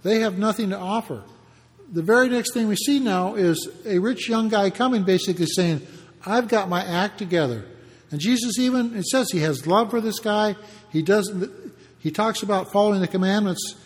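A man preaching a sermon, explaining the passage in a conversational way with pauses and restarts. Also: high voice, big-room sound. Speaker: pastor.

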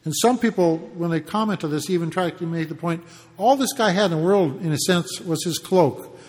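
High-voiced man teaching a sermon. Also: brisk, darkish tone, in a large hall. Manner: conversational, explanatory, with restarts. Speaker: preacher.

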